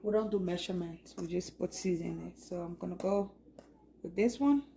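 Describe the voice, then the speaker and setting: A woman's voice: lowish voice, a little fast, creaky, warm tone, slight background noise. A woman chatting casually as she cooks in her home kitchen, naming each step as she goes. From Liberia. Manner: chatty, narrates each step while cooking. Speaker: cooking vlogger. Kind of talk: casual cooking chat.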